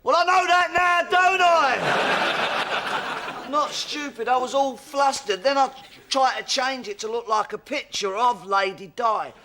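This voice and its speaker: A man's voice: very high-pitched, measured pace, background noise. An actor playing a hapless, muddled man who rambles hesitantly, full of ums and restarts, in a sitcom. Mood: rambling. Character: hapless, muddled adult man, easily flustered. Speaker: pub regular. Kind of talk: sitcom acting.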